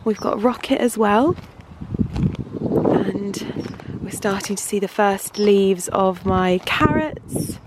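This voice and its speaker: A woman vlogging casually in her garden and greenhouse, gushing and excitable, gasping with delight. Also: mid-range voice, slow pace, pauses often, heavy background noise. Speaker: lifestyle vlogger. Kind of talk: casual vlog to camera.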